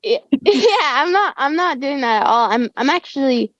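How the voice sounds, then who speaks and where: A woman's voice: high voice, very animated, moderate pace, no room sound. A young woman, a musician guest, talking in a laid-back, slangy way in a casual interview, throwing in "dude" and "bro". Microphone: remote call. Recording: dull, dry lo-fi call audio.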